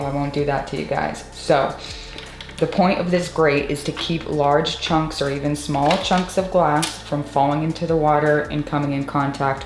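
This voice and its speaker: A woman demonstrating a stained glass tool in a casual tutorial vlog, explaining as she works and often gushing with excitement. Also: low-pitched. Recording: echoey room with faint music.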